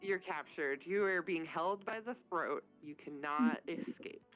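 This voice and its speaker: A woman running a tabletop game as game master, telling the scene in a casual, profane, animated way. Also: fairly low pitch, unhurried, soft background music.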